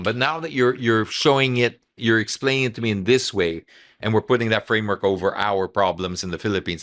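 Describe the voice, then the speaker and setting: A man's voice: low-pitched, a bit bright. A man hosting a podcast, chatting casually and pressing with follow-up questions. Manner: conversational, probing follow-up questions. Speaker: podcast host. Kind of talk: casual interview chat.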